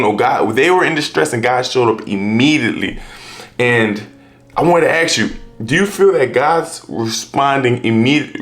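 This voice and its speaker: A man's voice: mid-range voice, fairly bright tone. A man preaching in a loose, conversational way, often restarting his sentences and tagging them with "right?" and "you know". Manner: restarts and rephrases often, street-casual wording. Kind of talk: casual conversational sermon.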